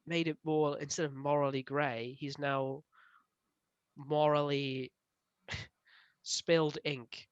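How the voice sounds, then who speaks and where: A man co-hosting a casual book club review, talking in an animated way with frequent laughs. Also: fairly high pitch, slow, long pauses, clean tone, dry recording, muffled recording. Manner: animated, laughs often, rises loud when ranting.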